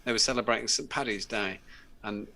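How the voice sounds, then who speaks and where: A man's voice: on the low side, fairly quick, sharp tone. A man, hosting a casual live chat show, chatty and sweary. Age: late 30s. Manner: sweary, chatty, laughs often. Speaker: host.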